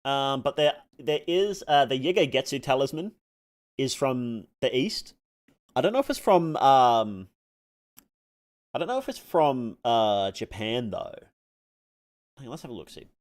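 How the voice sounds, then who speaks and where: Swearing male game streamer, lively pitch. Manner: swears freely and reacts loudly to in-game deaths; rambling, halting with many fillers. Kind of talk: live gameplay commentary, answering chat.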